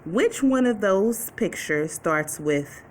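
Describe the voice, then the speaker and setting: A woman teacher talks young children through a worksheet in a recorded lesson. She speaks slowly and clearly, in an unhurried, mid-pitched voice, stretching out each letter sound. A faint hiss sits under the recording. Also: animated. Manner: slow, clear, patient, drawing out letter sounds.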